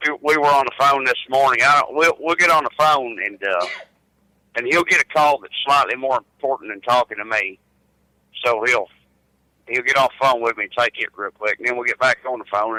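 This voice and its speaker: A man's voice: medium pitch, a little fast, pushed and bright, no room sound, rough recording. A middle-aged man, chatting casually by phone and restarting his words as he drawls along. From United States. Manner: drawling, repeats words when starting. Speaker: truck driver calling in. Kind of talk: casual chat.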